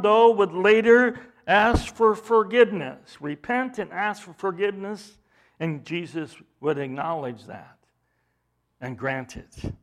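A man preaching an expository sermon, emphatic, acting out mocking voices as he reads. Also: sits high.

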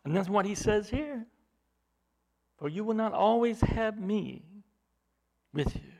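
A man's voice: high voice, lively intonation, takes it slowly, a little mellow. A man preaching a sermon to his congregation, pressing his points with rising emphasis and repeated words.

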